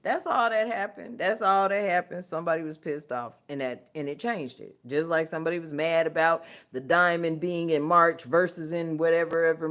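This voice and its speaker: A woman hosting a spiritual livestream, talking casually in a blunt, profane way and laughing often. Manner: swings from low mutters to loud outbursts. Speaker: spiritual channel host.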